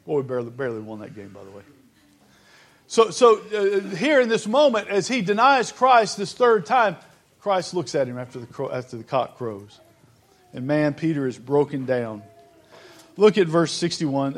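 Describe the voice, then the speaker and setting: A man's voice: on the high side, sing-song, moderate pace. A man preaching a sermon in an earnest, conversational way, often restarting his sentences.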